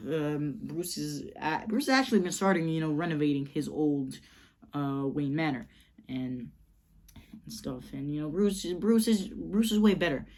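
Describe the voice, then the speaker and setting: A woman pitching a fan movie idea in a rambling, excited way, full of fillers. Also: moderate pace. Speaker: channel host.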